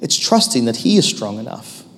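A man in his thirties preaching a sermon as pastor, animated and rising to loud, emphatic peaks. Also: medium pitch, moderate pace, long reverb tail.

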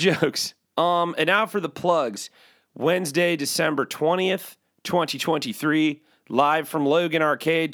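Rambling joking man, lively pitch. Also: clean tone. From Chicago. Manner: joking, self-interrupting, trails off. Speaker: host. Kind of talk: rambling casual monologue.

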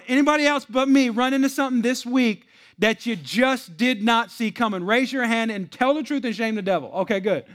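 A man, preaching a sermon to a crowd. He swings from loud shouting down to a hush and puts questions to the listeners. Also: high voice. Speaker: pastor.

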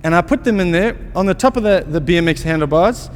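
A fast-talking, expressive pastor with a fairly high voice delivers a sermon of self-mocking anecdotes and rhetorical questions. His voice echoes with long reverb like in a large hall, with a little hiss or hum in the background.

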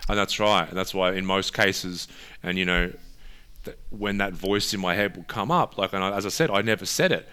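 Male podcast co-host, lowish bright voice, earnest reflective chat. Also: moderate pace, clean tone. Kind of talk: casual chat.

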